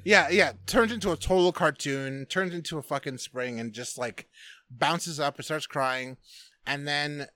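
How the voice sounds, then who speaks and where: A man in a casual podcast chat walks through a movie plot scene by scene, swearing freely and tripping over his own restarts. His voice has a bright, forward ring. The room sounds close and dry, with no reverb around him. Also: a little high, a little slow. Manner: rambling, profane, with many restarts and fillers. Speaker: podcast co-host recapping a film.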